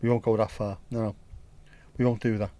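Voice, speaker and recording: A man's voice: fairly low pitch, level tone, a little fast, warm tone. A man with a mild Scouse accent hosting a casual livestream chat, joking and rambling cheekily. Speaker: livestream host.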